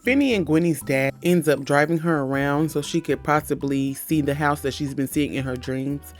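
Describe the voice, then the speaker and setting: A woman's voice: low voice, normal speed, faint music behind. A woman giving a comedic movie recap, blunt and profane with wry asides.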